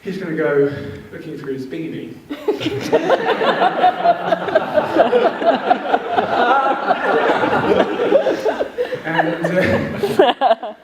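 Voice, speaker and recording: A man performing a stand-up comedy set on stage, telling a story and acting out characters in quick bursts. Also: very high-pitched, wildly swooping pitch. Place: comedy stage before a live audience. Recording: roomy live venue mic, some distance, faint noise.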